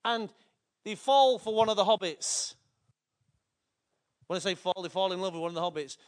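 A man preaching a sermon to his church, fervent and emotional, with big swings in loudness. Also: high voice, moderate pace. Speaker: pastor.

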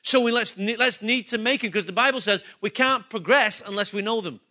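Male preacher, high and bright, casual sermon delivery full of questions. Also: a little fast. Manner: conversational, asks the congregation questions. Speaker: pastor.

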